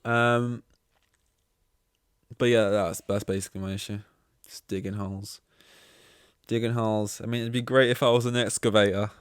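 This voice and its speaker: Man, solo podcast host, rambling and self-mocking, lowish voice, dry close sound. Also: little pitch movement, moderate pace, long pauses, clear, resonant tone, no echo. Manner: self-deprecating, rambling, swears, acts out both sides of awkward chats.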